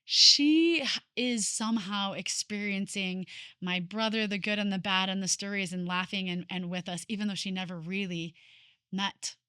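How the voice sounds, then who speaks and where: A woman podcast host talking in an open, heartfelt way, her voice bright and ringing. She gets emotional and laughs through near tears. The sound is close and dry, with no room around it. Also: mid-range voice, moderate pace, clean tone, no room sound. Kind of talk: casual heartfelt conversation.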